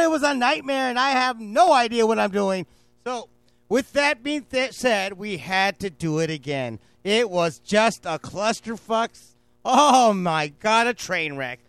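A man hosting a home cooking show, excitable and rambling, joking at his own mistakes as he lists ingredients. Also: sits high, a little slow, smooth, no echo, studio quality. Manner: excitable, scattered, self-mocking.

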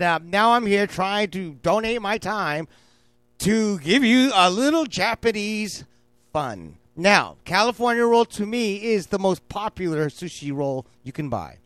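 Excitable high-voiced man hosting a cooking show. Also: a little slow, smooth, no echo. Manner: excitable, scattered, self-mocking. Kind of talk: rambling home cooking show.

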